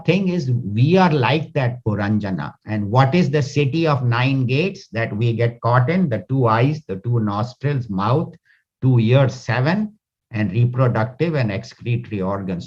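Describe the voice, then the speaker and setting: A man giving a talk on scripture, retelling a parable in loose, halting sentences. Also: medium pitch. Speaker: spiritual teacher. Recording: dull lo-fi recording.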